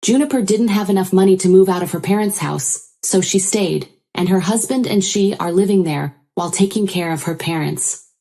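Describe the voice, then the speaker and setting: A woman narrating a first-person story in an even, measured way. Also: medium pitch.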